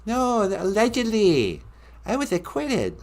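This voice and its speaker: A guy putting on a high, whispery male pop star, slow and giggly, voice swooping way up and down with a calm, unhurried lilt in every word. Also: heavily acted. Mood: coy.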